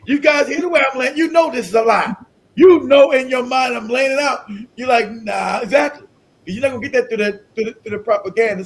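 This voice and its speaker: A man hosting a live stream, ranting in an animated, incredulous way, swearing freely and breaking into laughter. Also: extremely high pitch. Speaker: livestream host.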